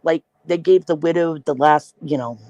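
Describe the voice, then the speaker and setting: Brief: woman podcast host, casual storyteller, from Iowa, dry close sound, lively delivery. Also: low-pitched, moderate pace, no room sound, dull audio. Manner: animated storyteller, acts out quoted voices.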